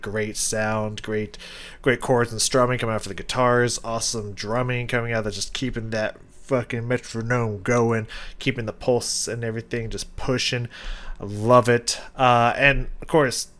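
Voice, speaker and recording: A man hosting a music reaction, talking casually with excited, rambling enthusiasm and lots of restarts. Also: medium pitch. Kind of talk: casual reaction and song analysis.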